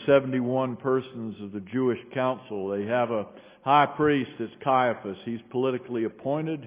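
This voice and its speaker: A male pastor preaching a sermon, telling a story and shifting between raised bursts and quiet low passages. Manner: storytelling with sudden raised quoted shouts and quiet drops. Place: large church sanctuary. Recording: echoey hall on a tinny phone-like line.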